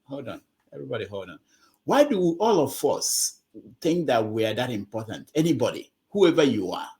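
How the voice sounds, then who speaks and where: A man's voice: mid-range voice, big pitch swings, normal speed, mellow. A man hosting an online call-in forum, scolding callers in an exasperated, moralizing way. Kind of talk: lecturing call-in talk.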